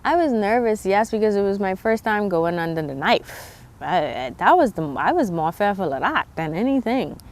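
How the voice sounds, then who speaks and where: A young woman with a Bahamian accent talks straight to her viewers, telling her own story in a loose, candid way. She restarts sentences and breaks off to address the audience. Her voice sits in a middle pitch. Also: lively intonation, moderate pace, few pauses. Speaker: vlogger. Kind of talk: personal storytelling to camera.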